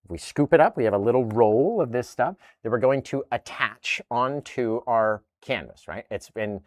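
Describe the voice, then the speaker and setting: A man teaching a live painting tutorial in an upbeat, animated way, often tagging his lines with "right?". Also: mid-range voice, moderate pace, dry recording, studio quality. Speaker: painting instructor.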